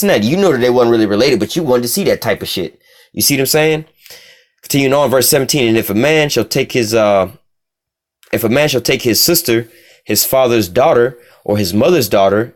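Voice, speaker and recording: A young man giving an informal scripture teaching in a casual, profane way, reading verses aloud slowly between loose, repetitive asides full of fillers. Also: mid-range voice.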